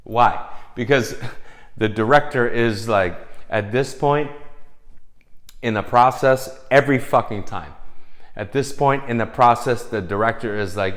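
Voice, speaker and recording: A man's voice: medium pitch, a little slow, long pauses, fairly bright tone. A man talking casually as a film composer, rambling and swearing, acting out quotes as he tells stories. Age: young adult or older, past twenties. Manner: rambling, profane, acts out quotes. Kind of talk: casual storytelling monologue.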